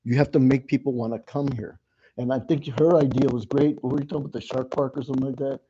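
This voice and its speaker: A man's voice: mid-range voice, steady tone, fast talker. A man, speaking earnestly and with emotion as an applicant at a city council meeting. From South Texas. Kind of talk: impassioned public remarks. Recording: muffled meeting recording with background noise.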